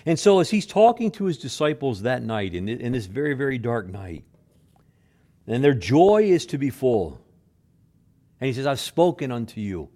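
A pastor preaching alternates between raising his voice for emphasis and dropping into low, quiet asides. Repetition of words is frequent, and he acts out what others said in a soft voice.

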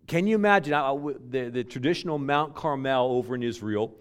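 Preaching in a smooth, mid-range voice, a pastor moves a little fast with few pauses, telling stories in his sermon while restarting and repeating words. His volume shifts from loud emphasis to near-whispers.

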